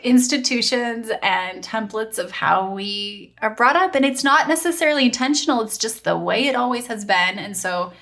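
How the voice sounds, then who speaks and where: A woman's voice: fairly high pitch, expressive, moderate pace, hardly any pauses, fairly bright tone. A woman hosting a podcast, answering her guest in a reflective, musing way. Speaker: podcast host. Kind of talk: casual interview chat.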